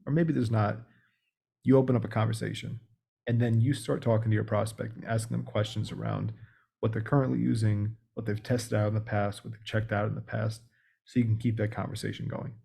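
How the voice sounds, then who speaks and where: A man, a guest on a podcast, explaining sales techniques in a relaxed, practical coaching way. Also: lowish voice, brisk, creaky, slightly rough. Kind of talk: casual explanatory interview talk.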